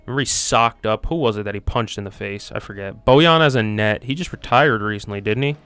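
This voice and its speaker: A man's voice: fairly low pitch, a little fast, fairly bright tone, clear, resonant tone, no echo. A young man hosting a quiz video, chatting casually and thinking aloud with lots of ums and self-mocking asides. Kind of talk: casual commentary while playing a quiz.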